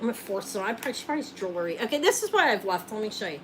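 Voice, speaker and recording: Woman selling rings on a live stream, chatty and jokey, thinking out loud, faint hiss behind her. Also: medium pitch, very animated, rapid-fire, rough recording. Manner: chatty, joking, thinks aloud while showing rings. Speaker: jewelry seller hosting a live sale. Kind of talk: casual live sale chat.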